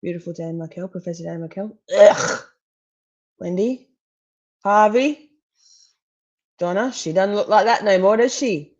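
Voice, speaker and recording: A woman chats loosely on a live stream, drifting between stories and jokes with easy laughs and the odd swear. Her voice sits at a middling pitch, and the sound is a little dull. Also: moderate pace, long pauses, darkish tone. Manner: rambling, laughing, swearing, chatty. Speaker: true crime streamer. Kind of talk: casual live-stream chat over court footage.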